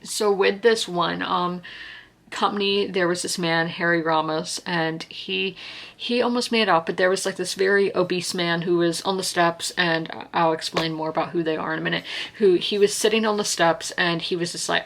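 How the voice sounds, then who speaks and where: A woman's voice: on the low side, flat delivery, normal speed, vocal fry, a bit bright. A woman in her twenties from South Carolina, chatting casually and earnestly in a reading vlog, with lots of fillers and restarts. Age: 20s. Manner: chatty, rambling, heartfelt, many fillers and restarts. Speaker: book vlogger.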